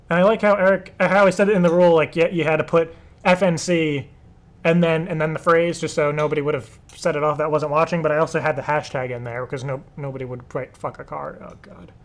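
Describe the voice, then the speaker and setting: A young man hosting a live stream show, rambling casually with frequent laughter and swearing. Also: fairly high pitch. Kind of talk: casual livestream chat.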